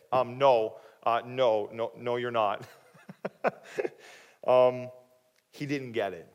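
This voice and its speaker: A man preaching a sermon, animated and dramatic, acting out the people in the story and dropping quiet for questions to the listeners. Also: takes it slowly, pauses often. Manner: animated, acting out quoted voices with big swings in pitch and loudness. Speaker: pastor.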